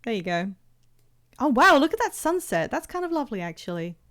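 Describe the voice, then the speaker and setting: A woman's voice: a little high, very animated, brisk, fairly bright tone. A woman streamer chatting casually while playing a game, rambling with many fillers and restarts.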